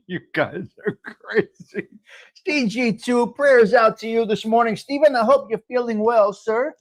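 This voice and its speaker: A man's voice: very high-pitched, lively intonation, slow, pauses often. A middle-aged man, hosting a live coffee chat stream and talking bluntly to viewers, joking and swearing freely.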